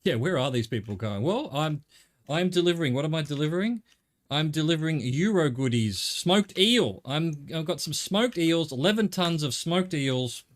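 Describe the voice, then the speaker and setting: A man's voice: a little high, expressive, moderate pace. A middle-aged man with an Australian accent, chatting casually and wryly to his viewers while he plays a game. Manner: rambling, wry, jokey asides to chat. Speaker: game streamer. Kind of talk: casual live-stream chatter while gaming.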